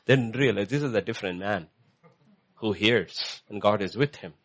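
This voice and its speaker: A male preacher giving a sermon, swinging between hushed lines and loud emphatic ones. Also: lowish voice, moderate pace.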